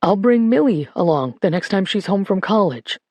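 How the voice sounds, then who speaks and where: A narrator plays a patient, gentle man speaking kindly to an old relative. The voice sits a touch lower and softer than the narration, with some gravel in it. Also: lively intonation, normal speed, no echo. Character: gentle middle-aged man, a museum keeper.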